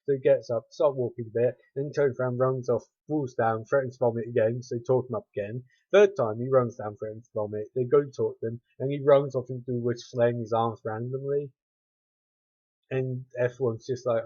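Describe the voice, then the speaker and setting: A man rambles through a recap of a bad horror movie, dropping dry, sarcastic asides as he goes. His voice is dark and mellow, and the recording sounds dull and lo-fi. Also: medium pitch, steady tone, brisk. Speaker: movie reviewer.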